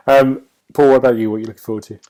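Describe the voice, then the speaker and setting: A man's voice: medium pitch, steady tone, racing, warm tone. A man hosting a casual gaming podcast, chatty and loose, reading out release dates with plenty of ums. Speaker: podcast host.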